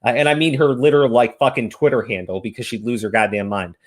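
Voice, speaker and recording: A man's voice: mid-range voice, steady tone, fast. A man ranting profanely in casual stream commentary.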